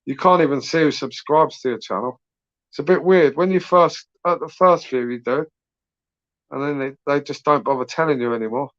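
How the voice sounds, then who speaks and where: Hosting a late-night live stream, this British YouTuber speaks briskly in a fairly bright, higher-pitched voice. His talk rambles, full of slang, free swearing and tag questions, in a British English accent. The recording is dry, with the highs cut off.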